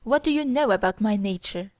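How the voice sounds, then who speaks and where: A woman's voice: medium pitch, unhurried, darkish tone, no room sound, close to an everyday voice. A woman voicing a cold, contemptuous young woman in an audiobook, speaking in a commanding way. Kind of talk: audiobook character reading.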